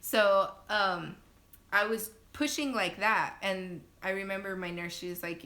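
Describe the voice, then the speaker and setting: A young woman casually telling her birth story on a phone live stream, chatty and laughing often, acting out quotes in sudden loud high bursts. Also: unhurried. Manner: laughs often, many fillers.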